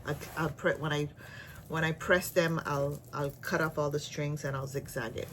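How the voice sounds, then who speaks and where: A woman's voice: deep voice, steady tone, moderate pace, a little hiss or hum. A woman chatting casually in a stitching vlog, rambling and laughing often. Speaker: cross-stitch vlogger. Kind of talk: casual chat.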